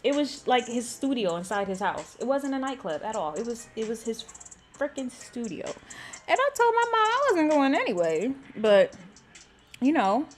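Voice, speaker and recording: A woman in her thirties from the Bay Area, telling a story to her viewers in a chatty, blunt and profane way. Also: mid-range voice. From San Francisco Bay Area. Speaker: vlogger. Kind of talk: casual storytelling. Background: faint background music.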